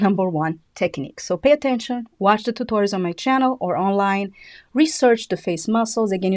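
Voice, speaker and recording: Fast-talking woman with a Brazilian accent. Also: medium pitch, no room sound, studio quality. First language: Portuguese. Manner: fast, excited talk. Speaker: beauty channel host. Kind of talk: live skincare tutorial.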